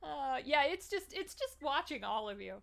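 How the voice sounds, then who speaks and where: Lady game master running the table, kinda high voice, laughs a lot, chatty. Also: very animated, moderate pace, creaky, a bit bright. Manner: laughs often, upbeat and chatty.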